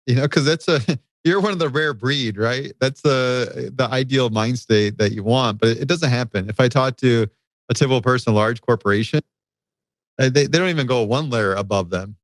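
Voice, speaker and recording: A man hosting a podcast, asking questions in a halting way with restarts. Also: mid-range voice, no echo. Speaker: podcast host. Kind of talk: interview questions.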